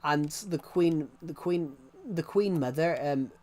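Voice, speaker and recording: A young man chatting on a live stream, his voice sitting a touch higher than most men's. He rambles, restarts sentences, and laughs at his own jokes. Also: measured pace, darkish tone. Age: young adult. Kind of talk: casual live-stream chat.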